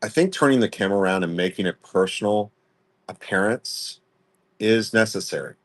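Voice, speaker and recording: A man's voice: on the low side, normal speed. A young adult man hosting a live-stream sale, talking bluntly and casually and laughing often. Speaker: live-stream jewelry seller.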